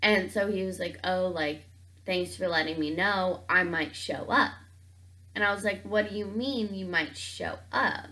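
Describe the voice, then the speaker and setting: A woman's voice: lowish voice, measured pace. Chatty young woman, "like"-heavy storytelling. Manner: animated, says "like" constantly, acts out both sides of the talk. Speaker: vlogger. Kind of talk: casual storytime vlog.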